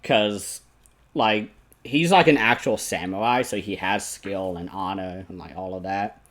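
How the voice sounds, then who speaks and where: A podcast host leads a casual film discussion, retelling scenes animatedly, laughing often and using "like" constantly. His voice sits low and he takes his time.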